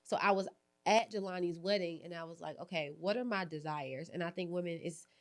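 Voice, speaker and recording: A young adult woman hosting a candid podcast conversation, telling animated stories, acting out quoted lines and laughing often. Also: fairly low pitch, fairly quick. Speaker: podcast host.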